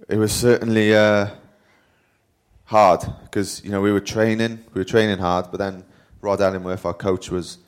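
A lowish, clear and resonant male voice, level in tone and a little slow, belongs to a young professional cyclist from Wales. As a guest at a live talk, he tells casual stories in a rambling, self-deprecating manner.

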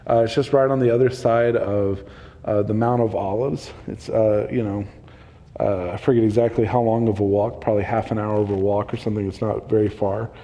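A man's voice: mid-range voice, dark tone. A man leading a casual Bible study, thinking aloud with plenty of ums and restarts. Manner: thinks aloud, loose, with many fillers. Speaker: Bible teacher. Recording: long hall reverb.

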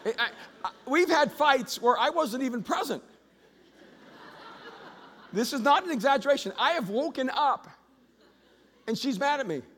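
Man preaching, high bright voice, animated and loud at peaks, long hall reverb. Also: normal speed, long pauses, slight background noise. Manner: animated storyteller, rising to shouts. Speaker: pastor. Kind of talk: sermon. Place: church auditorium.

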